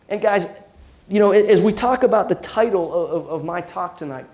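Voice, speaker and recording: A man's voice: sits high, lively intonation, a little fast, darkish tone. A middle-aged man giving a speech to a live audience, telling an earnest story with frequent restarts and repeated words. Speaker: guest speaker.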